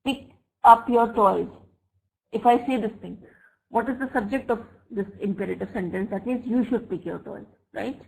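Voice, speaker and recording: A woman teaching an online English grammar class. She reads example sentences slowly and checks often with "right?" and "fine?". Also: medium pitch, gravelly, mellow, low-quality recording. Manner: slow, deliberate example sentences. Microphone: computer mic for a web class.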